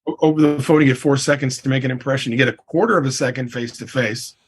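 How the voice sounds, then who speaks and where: Husky emphatic middle-aged man. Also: medium pitch, steady tone, fast. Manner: emphatic, leans on "I mean" and "right?". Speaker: real estate coach, guest. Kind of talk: casual podcast interview.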